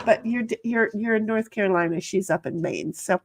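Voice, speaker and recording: A woman's voice: fairly high pitch, normal speed, hardly any pauses. A woman hosting a casual livestream, chatting with her viewers in a rambling, profane way full of restarts. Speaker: livestream host reading chat.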